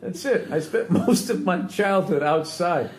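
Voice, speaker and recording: A man's voice: sits high, expressive, unhurried, echoey room, a little hiss or hum. A man hosting a podcast, teasing and blunt in casual chat, swearing freely. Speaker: podcast host.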